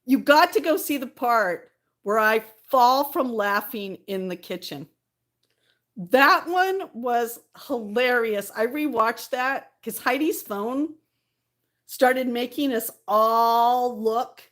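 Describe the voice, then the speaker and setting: This is a middle-aged woman talking loosely to her live-stream viewers. She rambles happily, breaks into laughter, and reads out comments along the way. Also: fairly high pitch. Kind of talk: casual live-stream chat.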